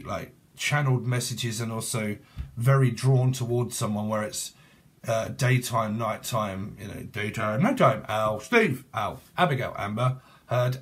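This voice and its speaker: A man with a British accent giving a rambling, jokey tarot reading, free-associating and laughing at his own jokes. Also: mid-range voice. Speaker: tarot reader.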